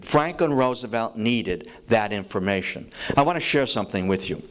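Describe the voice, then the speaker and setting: A man giving a lively public talk on history to a live audience, joking with the room and acting out quotes as he tells stories. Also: fairly low pitch, moderate pace. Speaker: lecturer on presidential history.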